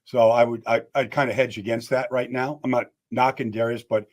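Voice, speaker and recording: A man's voice: medium pitch, flat delivery, brisk, a little mellow. Thoughtful male football analyst. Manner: thoughtful, repeats words when starting a thought. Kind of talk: interview answers.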